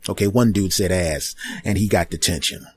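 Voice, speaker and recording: A man's voice: sits low, moderate pace, breathy edge, dry recording. A man hosting a podcast, telling a comic story from his school days and acting out the people in it. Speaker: podcast host. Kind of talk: comedic storytelling monologue.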